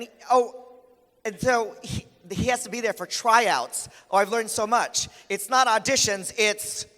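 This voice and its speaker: A man emceeing a conference, telling comic stories in a stand-up style and acting out the voices of the people he quotes. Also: high-pitched. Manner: animated, acts out quoted voices. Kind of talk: stand-up comedy storytelling. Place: large conference hall stage. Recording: echoey hall reverb.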